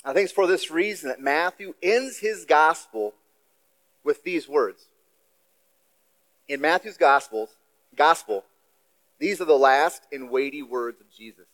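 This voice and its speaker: High-voiced man preaching conversationally. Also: lively intonation, unhurried, pauses often, fairly bright tone, rough recording. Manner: conversational, self-deprecating asides. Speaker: guest preacher. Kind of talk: sermon. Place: church.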